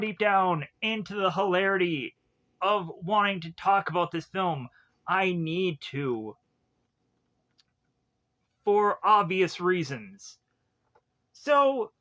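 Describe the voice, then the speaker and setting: A man's voice: high voice, pushed and bright. A man from Georgia with a Southern US accent, reviewing a movie in a rambling, joking monologue full of asides. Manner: rambling, jokey asides and silly voices.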